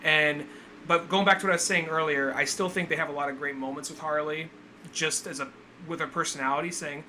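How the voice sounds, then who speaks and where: A man's voice: on the high side, fairly even intonation, brisk, bright, forceful tone, slight background noise. A man co-hosting a podcast, chatting casually about a film in a loose, rambling way with lots of fillers and swearing. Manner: loose, rambling, full of "like" and profanity. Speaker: podcast co-host. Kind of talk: casual movie review chat.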